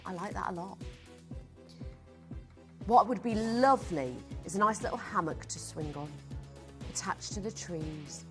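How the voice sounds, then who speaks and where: A woman's voice: medium pitch, animated, a little slow, long pauses, faint music behind. A woman presenting jewellery on a live shopping channel, chatty and gushing as she sells. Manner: gushing, chatty sales patter.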